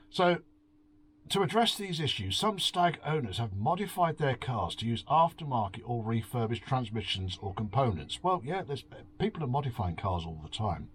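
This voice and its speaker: A man's voice: mid-range voice, sing-song, normal speed. A man hosting a beery home review, reading out an article and mocking it with sighs, swearing and sarcasm. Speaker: host. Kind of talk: drunken rambling review. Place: home, drinking beer.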